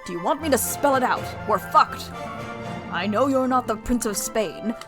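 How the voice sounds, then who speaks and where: A woman's voice: fairly high pitch, animated, moderate pace, music in the background, natural voice. A woman voicing a stern male falcon defense attorney in a visual novel, formal and blunt. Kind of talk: reading a visual novel aloud.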